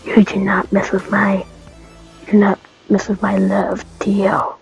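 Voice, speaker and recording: Woman doing a young hero girl, quiet and low, a little gravelly. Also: completely flat delivery, measured pace, faint music behind. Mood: menacing. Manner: quiet, intimate, close whisper. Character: fierce young girl hero turned avenger.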